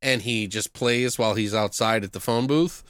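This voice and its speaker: A man's voice: on the low side, normal speed, a bit bright, a little hiss or hum. A man co-hosting a podcast, casually recapping a movie in a loose, profane, laughing way. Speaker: podcast co-host.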